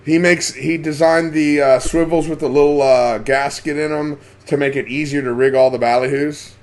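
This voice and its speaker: A man's voice: fairly high pitch, steady tone, moderate pace, darkish tone. A man hosting a casual live stream about fishing, chatting and reading out the names of viewers as they join.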